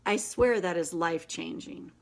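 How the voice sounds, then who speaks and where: A woman hosting a casual live session, coaching a group in an earnest, gentle and encouraging way, with quick asides. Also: fairly low pitch, creaky. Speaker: inner child tapping coach, host.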